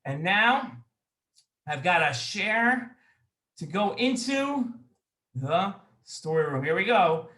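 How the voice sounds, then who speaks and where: High, bright-voiced man hosting a kids' show. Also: takes it slowly, roomy sound. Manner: energetic, repeats phrases, addresses children directly. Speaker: host of a children's Jewish show.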